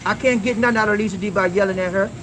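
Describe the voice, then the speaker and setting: A man's voice: high voice, fairly even intonation, very fast, background noise. A man hosting a relationship advice talk, preaching emphatically to his viewers with call-and-response questions and repeated lines.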